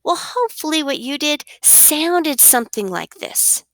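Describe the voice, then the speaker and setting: A woman teaching a recorded reading lesson for children, with an expressive, sing-song teacher's delivery on a close mic. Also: sits high, unhurried, hardly any pauses, dry recording.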